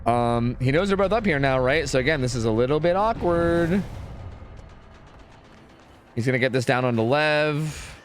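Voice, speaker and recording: A man streaming and casually commentating a competitive match, chatty and profane, thinking out loud. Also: medium pitch, animated, normal speed, long pauses, soft background music.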